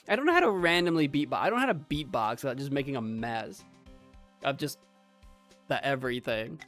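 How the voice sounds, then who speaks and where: An American woman streaming a video game, rambling in an animated, giggly way. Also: extremely low pitch. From United States. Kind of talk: casual let's play commentary.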